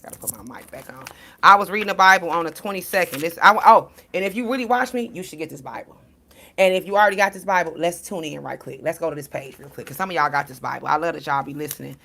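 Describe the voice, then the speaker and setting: A woman's voice: fairly low pitch, fast talker, creaky. A woman giving a casual livestream talk as a spiritual reader, blunt and profane, preaching to her viewers. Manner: animated storytelling to viewers.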